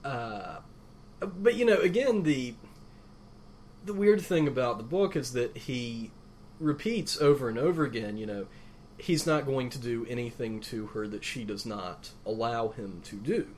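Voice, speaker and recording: Lively-voiced man chatting casually. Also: mid-range voice, unhurried. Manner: chatty, animated, with laughs. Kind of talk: casual chat about books. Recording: faint background noise.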